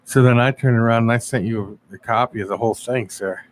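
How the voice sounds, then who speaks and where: A man's voice: mid-range voice, fairly quick, slight background noise. Casual man chatting with stream viewers. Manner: animated storyteller, answers chat viewers. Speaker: live-stream show host. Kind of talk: casual live-stream chat.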